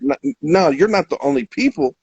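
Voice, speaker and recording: A man's voice: sits high, very animated, moderate pace, creaky, a little mellow, lo-fi sound. A man hosting a livestream argument, confrontational and profane, often talking over his guests. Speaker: livestream host.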